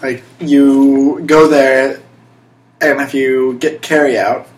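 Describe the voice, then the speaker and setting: A woman's voice: a bass voice, steady tone, takes it slowly. A woman co-hosting a comedy podcast, chatting casually and rambling through her stories. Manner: rambling, lots of "like" fillers. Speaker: podcast co-host. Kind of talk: casual chat. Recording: roomy echoey room.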